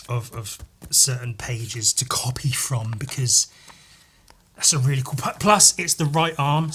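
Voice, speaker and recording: A man hosting a casual solo podcast as a comic artist, rambling and excitable, swearing a lot, jittery from too much caffeine. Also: medium pitch, slight background noise. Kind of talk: casual solo podcast monologue while leafing through comics.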